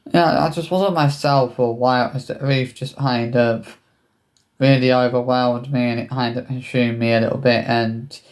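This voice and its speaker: A man speaks to camera about his own life. His voice sits at an ordinary middle pitch, and his sentences stall and restart as he searches for words. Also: fairly even intonation. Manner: halting, hesitant, many restarts. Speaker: vlogger. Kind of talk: personal storytelling to camera.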